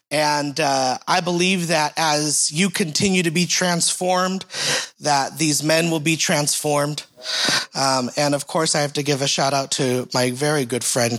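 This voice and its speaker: A man in his thirties giving a relaxed, joking church welcome full of fillers, then praying in a repetitive, rhythmic cadence. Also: fairly high pitch. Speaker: church speaker giving welcome and opening prayer. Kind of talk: casual church greeting and spoken prayer.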